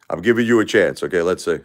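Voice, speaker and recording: A middle-aged man with a low, deep voice talks on a casual livestream and reacts to viewer comments. He is grieving and raw, murmuring soft condolences one moment and raising his voice in anger the next. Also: animated, fairly quick. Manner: emotional, swings from quiet sympathy to loud angry outbursts. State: grieving and upset. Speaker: livestream host.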